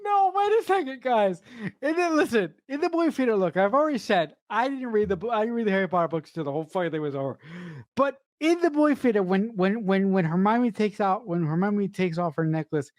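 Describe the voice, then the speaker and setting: A woman co-hosting a podcast in casual chat, excitable and profane, often stumbling over restarts. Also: mid-range voice, fairly quick, no echo. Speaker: podcast co-host.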